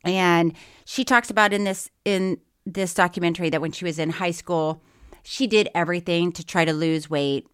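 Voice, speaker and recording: A middle-aged woman co-hosting a podcast in casual chat, playful and quick to laugh. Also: on the low side, fairly even intonation, a bit bright, smooth, no room sound, studio quality. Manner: playful, laughs often, sings snatches of songs. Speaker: podcast co-host.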